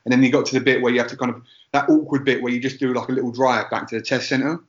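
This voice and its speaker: A man's voice: mid-range voice, little pitch movement, rapid-fire. Man, podcast co-host, rambling self-deprecating storyteller, roomy dull recording. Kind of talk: casual storytelling chat.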